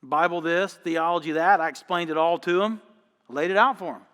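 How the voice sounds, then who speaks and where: A man's voice: fairly high pitch, a little fast, fairly bright tone, clean tone, long reverb tail. A man preaching a sermon as pastor, telling stories in an emphatic, folksy, conversational way. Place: church auditorium.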